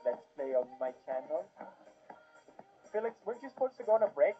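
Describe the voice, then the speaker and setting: A man's voice: a little high, very animated, brisk. Tinny-sounding man reacting to clips. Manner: laughing, exclaiming, sarcastic asides. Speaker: video reaction commentator. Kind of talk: casual reaction commentary. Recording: tinny phone-like sound with faint music.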